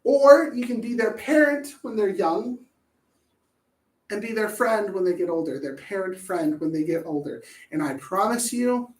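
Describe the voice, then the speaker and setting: A woman's voice: mid-range voice, darkish tone. A woman giving a casual talk on parenting. She is chatty and jokey, and she acts out little voices as she goes. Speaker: parenting educator. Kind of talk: casual presentation. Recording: echoey room, voice from a distance.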